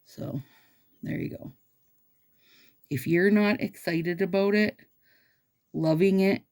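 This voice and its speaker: A nail stylist vlogger chats about her nails in a bubbly, casual way, talking straight to her viewers and calling them "you guys." Her voice sits low, with a gravelly, darkish tone.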